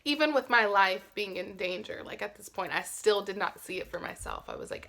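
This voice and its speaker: A woman's voice: mid-range voice, very animated, moderate pace, creaky, few pauses, a bit bright. A young woman telling a personal story in a candid, emotional vlog, swearing freely and saying "like" often. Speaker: vlogger.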